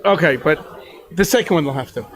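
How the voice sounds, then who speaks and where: A man's voice: on the high side, expressive, fast talker, fairly bright tone. A man, a rabbi at a yeshiva fundraiser broadcast, telling playful, jokey anecdotes in a casual way. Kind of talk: casual storytelling.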